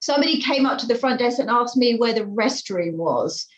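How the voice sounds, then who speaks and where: A British woman telling stories from her purser days in a lively, casual way, laughing often and acting out the people she quotes. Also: a little high, brisk, reverberant, low-quality recording. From Britain. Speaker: guest recalling work as a ship purser. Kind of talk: casual chat.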